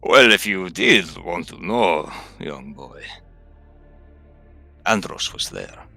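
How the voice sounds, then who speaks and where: A man's voice: sits low, expressive, slow pace, gravelly, bright, forceful tone, faint music behind, exaggerated voice. A man doing a dismissive old veteran soldier. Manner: dismissive, offhand. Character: older male veteran soldier, dismissive and jovial.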